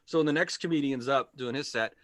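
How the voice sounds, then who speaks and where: A man's voice: medium pitch, a little fast, no echo. A man doing a stand-up comedy set over a video call, telling wry stories that build to punchlines. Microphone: video call microphone.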